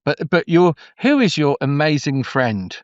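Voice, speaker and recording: A man's voice: a little high, very animated, a little slow, dry recording. Rambling middle-aged Englishman, dull lo-fi sound. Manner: meandering, effusive, full of restarts. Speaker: guest storyteller. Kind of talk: conversational interview.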